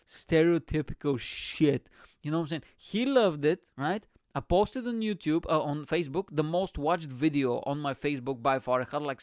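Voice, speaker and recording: A man's voice: a little high, no echo, clean studio sound. A man from Bulgaria, hosting a casual solo podcast as an open-mic comic. He rambles, swears constantly and loses his train of thought.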